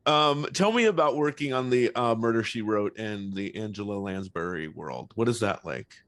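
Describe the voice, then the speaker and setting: A man's voice: on the low side, lively intonation, fairly bright tone. A man hosting a casual interview, agreeing readily and asking his guest questions. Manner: encouraging, quick agreeing responses. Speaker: podcast host.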